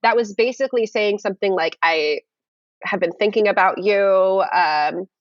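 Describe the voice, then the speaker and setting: A woman's voice: medium pitch, normal speed, dry recording, highs cut off. Chatty young woman telling a dating story. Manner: animated, many fillers and restarts. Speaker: guest. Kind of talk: casual storytelling chat.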